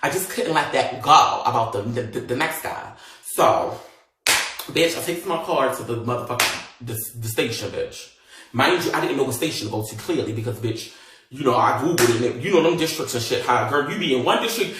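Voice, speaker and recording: Animated man telling a story, echoey. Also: medium pitch, fairly quick. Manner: animated, profane, dramatic retelling. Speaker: vlogger. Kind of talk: casual storytelling. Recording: echoey and distant from the mic, faint noise.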